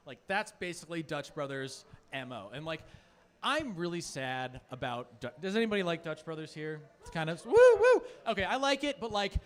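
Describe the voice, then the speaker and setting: Male stand-up comic, thirties, from Phoenix; high, very lively voice; rambling, chatty delivery. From Phoenix, Arizona. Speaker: stand-up comedian. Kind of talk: stand-up comedy set.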